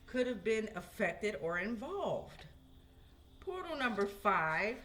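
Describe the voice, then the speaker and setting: A woman's voice: mid-range voice, sing-song, slow, fairly bright tone. A woman giving a casual tarot reading, chatting to her viewers and often asking "right?". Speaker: tarot reader.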